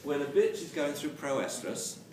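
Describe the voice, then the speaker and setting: A man giving a lively, jokey lecture on dog training to a live audience, acting out quotes as he goes. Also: fairly high pitch, measured pace. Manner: animated, jokey, acts out quotes. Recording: roomy, distant camera mic with hiss.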